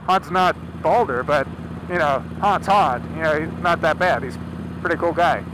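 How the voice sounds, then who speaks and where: A man's voice: fairly high pitch, moderate pace. A man casually retelling a myth from inside a car, rambling with chatty asides. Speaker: storyteller. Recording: car engine noise behind.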